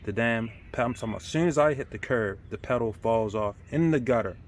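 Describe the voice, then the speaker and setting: Man, middle-aged, irate, ranting vlog, repetitive, swears, mid-pitched voice. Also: fast, slight background noise. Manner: irate, repetitive, swears and asks "right?" often. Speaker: vlogger. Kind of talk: casual ranting monologue.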